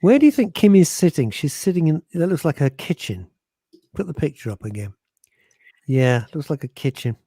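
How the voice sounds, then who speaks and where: A man co-hosting a radio show, chatting casually in a jokey, animated way with frequent laughs. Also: on the high side, normal speed, slightly rough, no room sound. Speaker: radio co-host. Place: radio studio.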